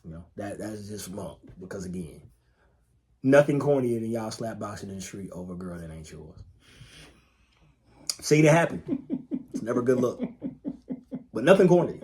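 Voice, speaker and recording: A man's voice: on the low side, very animated, normal speed, long pauses, a little mellow. A man co-hosting a podcast in casual chat, laid-back and emphatic, swearing freely and repeating phrases to drive a point home. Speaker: podcast co-host.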